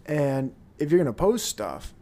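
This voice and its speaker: A man's voice: fairly high pitch, sing-song, a little slow, warm tone. A man hosting his own show in a rambling, profane, blunt casual monologue. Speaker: podcast host.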